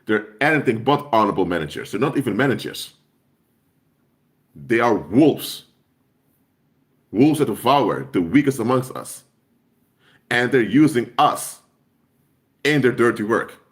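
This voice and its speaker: A man preaching on a live stream in an impassioned way, hammering home points by repeating phrases. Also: medium pitch. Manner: emphatic, repeats key phrases for force.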